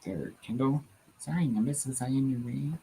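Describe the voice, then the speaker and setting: Over a little hiss or hum, a co-host speaks in a gravelly, dark, mid-range voice at a moderate pace, with a Southern US drawl. Chatting casually on a live reading stream, they read viewer comments aloud, playful and giggly, laughing often.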